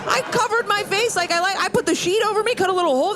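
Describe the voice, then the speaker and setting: A young woman from upstate New York performing a brash stand-up comedy set on a club stage, jumping into loud, high shouted bits. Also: very fast. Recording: live club recording with crowd noise. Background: audience laughter and applause.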